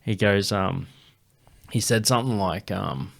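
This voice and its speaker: A man's voice: fairly low pitch, unhurried, vocal fry. An Australian man, a comedian, telling stories in a casual podcast chat and swearing freely. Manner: swears a lot, animated storyteller.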